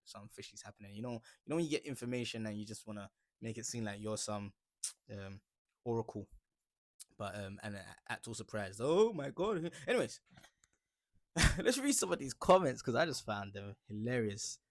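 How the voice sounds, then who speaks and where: A man's voice: fairly low pitch, big pitch swings, normal speed. A man vlogging about football in a laid-back, joking way, rambling with slang and fillers. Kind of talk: casual reaction vlog.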